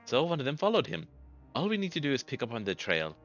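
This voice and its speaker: A man's voice: low voice, a little fast, sharp tone, soft background music. A man voicing a determined young woman warrior, reading her lines in an earnest, declamatory way, over a dull lo-fi game capture.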